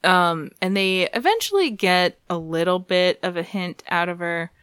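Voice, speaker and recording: A woman's voice: on the low side, lively intonation, normal speed, fairly bright tone, smooth, no echo, studio quality. Laughing, joking woman podcast co-host. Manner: laughing, profane, joking asides. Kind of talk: casual recap chat.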